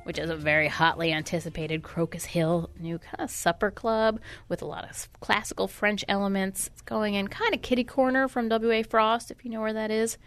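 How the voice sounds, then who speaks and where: A woman's voice: medium pitch, flat delivery, a little fast, few pauses, no echo, soft background music. A woman hosting a radio food show, chatty and upbeat, with a stuffy nose. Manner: chatty, upbeat, self-deprecating. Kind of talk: casual radio food segment. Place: radio studio. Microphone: studio microphone.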